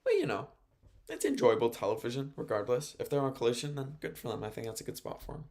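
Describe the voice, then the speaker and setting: Gravelly-voiced man recapping wrestling. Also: medium pitch, fast, a little mellow. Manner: chatty, rambling, laughs at own note mistakes. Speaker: radio host. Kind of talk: casual wrestling recap from notes.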